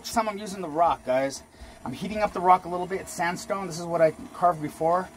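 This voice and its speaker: A man's voice: sits high, fast talker, slight background noise. A man casually talking viewers through his jewelry casting work in a home workshop, calling them "guys" and poking fun at himself. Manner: talks to viewers while working, self-deprecating, frequent "guys". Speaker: jewelry maker vlogger.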